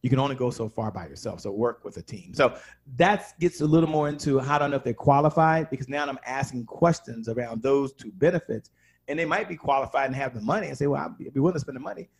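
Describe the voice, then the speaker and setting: A man coaching on sales as a podcast guest, emphatic and animated, acting out little dialogues. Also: medium pitch, fast talker, husky.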